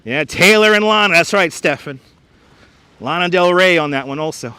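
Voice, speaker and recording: Man, live streamer, outdoors, wireless lapel mic, casual chat with viewers, slightly high pitch. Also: animated, moderate pace, pushed and bright, smooth, no room sound. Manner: chatty, greets viewers and reads chat names aloud. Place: outdoors on a frozen beach. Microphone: wireless lapel mic, phone on gimbal.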